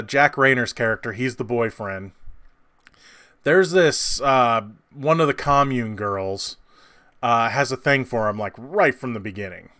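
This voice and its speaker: A man's voice: medium pitch, bright, forceful tone, clear, resonant tone, dry recording, clean studio sound. A man giving a casual, rambling movie review, full of fillers and restarts. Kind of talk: casual film review monologue.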